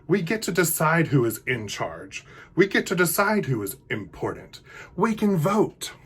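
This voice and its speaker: A man's voice: on the high side, big pitch swings, measured pace, fairly bright tone, husky, voice pushed up, full character voice. A man reading a storybook aloud, voicing a goofy, good-natured male dog who blurts things out eagerly.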